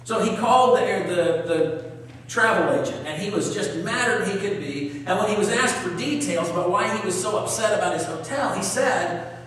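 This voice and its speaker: Male pastor, storytelling sermon delivery, high-pitched, recorded at a distance in a reverberant hall. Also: expressive, moderate pace, fairly bright tone, a little hiss or hum. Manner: storytelling preacher, reads scripture aloud, asks the congregation questions. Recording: echoey hall, voice from far off.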